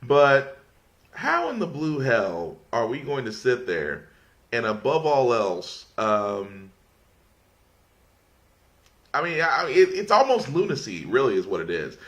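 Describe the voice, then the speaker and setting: A man's voice: mid-range voice, huge pitch swings, slow pace, long pauses, a bit bright. A man hosting a casual podcast, mocking his subject, rambling and restarting often as he fights off laughter. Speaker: podcast host.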